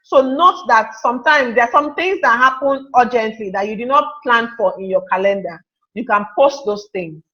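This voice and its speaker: A woman's voice: on the high side, a bit bright, dull audio. Chatty woman teaching online. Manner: chatty, reads out viewer comments. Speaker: webinar teacher. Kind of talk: live online class talk.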